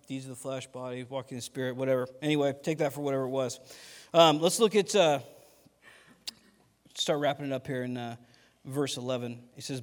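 A man preaching a casual, rambling sermon, self-deprecating and growing animated as he tells stories. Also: mid-range voice. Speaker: pastor. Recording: long hall reverb.

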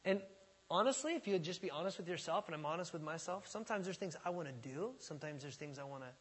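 A man preaching a sermon as pastor, talking conversationally and with animation, swinging from loud emphasis to hushed asides. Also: a little high, lively intonation, racing, breathy edge. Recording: long reverb of a large hall.

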